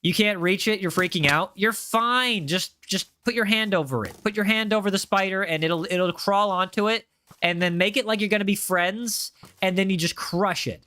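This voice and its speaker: A man's voice: sits high, moderate pace, bright, forceful tone. A young man streaming a game and chatting with viewers, teasing and joking, often repeating lines for comic effect. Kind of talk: casual live-stream chat while gaming.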